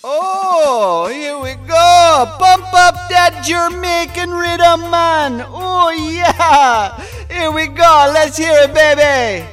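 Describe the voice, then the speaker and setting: A man's voice: extremely high pitch, a bit bright, voice pushed up, full character voice. A man putting on a Jamaican-accented German promo voice. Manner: sing-song, rhythmic, exaggerated.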